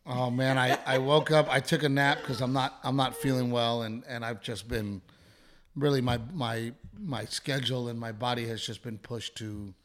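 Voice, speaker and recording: A man's voice: medium pitch, moderate pace. A man co-hosting a podcast, feeling run down and a little ill, who tells long rambling stories in casual chat. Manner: rambling, animated storytelling. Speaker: podcast co-host.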